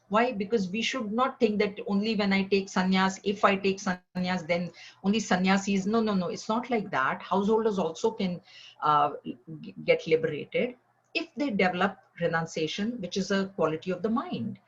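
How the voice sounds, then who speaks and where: A woman teaching a spiritual scripture class, explaining verses and telling stories with lively acted quotes. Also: medium pitch, highs cut off. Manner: storytelling with animated acted quotes.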